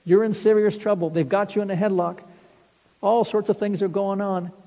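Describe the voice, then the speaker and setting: A man's voice: sits high, fairly even intonation, moderate pace, vocal fry, warm tone. A man preaching a sermon, earnest and explanatory, building his points with vivid everyday illustrations. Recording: reverberant hall, dull lo-fi sound.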